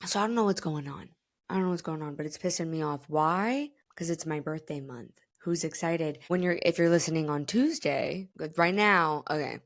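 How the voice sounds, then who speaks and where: A woman's voice: sits low, normal speed. A woman in her late twenties from South Florida, hosting her own podcast in candid, profane, chatty talk full of fillers. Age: late 20s. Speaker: podcast host. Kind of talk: casual solo podcast chat.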